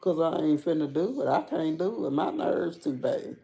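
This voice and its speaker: A woman with a gravelly, creaky voice chats on her live stream. Her talk is rambling and repetitive and sprinkled with "baby" and "honey". She sinks into a low, subdued murmur, then bursts up high and loud as she retells what happened, laughing along the way. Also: animated, moderate pace. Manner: laughs while telling the story. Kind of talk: casual live stream storytelling.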